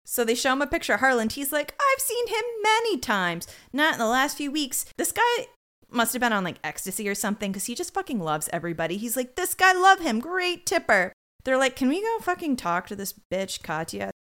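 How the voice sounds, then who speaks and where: A woman's voice: on the high side, very animated, fairly bright tone. A woman co-hosting a podcast, recapping an episode in a sarcastic, sweary way and briefly acting out the characters. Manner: sweary, sarcastic, acts out characters in quick voices. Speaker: podcast co-host. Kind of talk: casual comedic recap.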